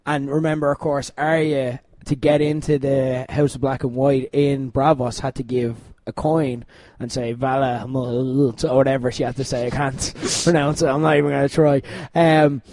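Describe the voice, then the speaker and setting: A man, co-hosting a casual chat, animated, laughing often and mimicking characters. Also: medium pitch, moderate pace, few pauses, no room sound. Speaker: podcast co-host.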